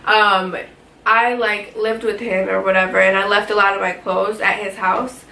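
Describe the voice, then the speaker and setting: A young woman telling a story in a casual vlog, animated, swearing often and filling with "like". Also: medium pitch, moderate pace, gravelly. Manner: animated, heavy swearing, lots of "like". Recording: echoey room with faint ambient noise.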